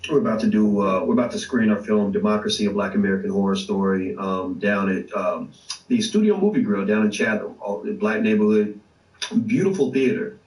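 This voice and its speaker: Low-voiced man, echoey and distant. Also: a little fast. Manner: animated, profane, many fillers and restarts. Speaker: host of an online show. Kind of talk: casual livestream commentary. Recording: echoey room, distant mic.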